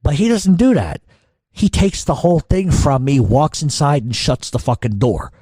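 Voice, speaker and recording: A man's voice: a little high, lively intonation, moderate pace, warm tone, breathy edge, dry recording, studio quality. A middle-aged man telling a long story in casual talk, cursing often and restarting his sentences. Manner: profane, rambling, many restarts. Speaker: podcast storyteller.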